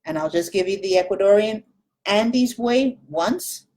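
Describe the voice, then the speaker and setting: A woman's voice: medium pitch, expressive, measured pace, darkish tone. A woman teaching a Spanish pronunciation lesson online, patiently repeating tongue twisters and drills aloud.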